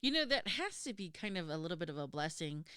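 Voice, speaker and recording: A woman hosting an interview, asking questions in a relaxed, hesitant way. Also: on the low side, fast talker, smooth, no room sound, clean studio sound. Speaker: podcast host. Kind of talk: casual interview.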